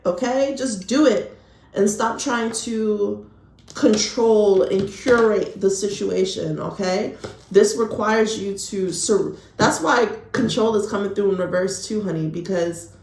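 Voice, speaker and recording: A woman's voice: mid-range voice, darkish tone. A woman giving a casual pick-a-card tarot reading, chatty and full of "like", calling listeners honey. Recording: echoey room.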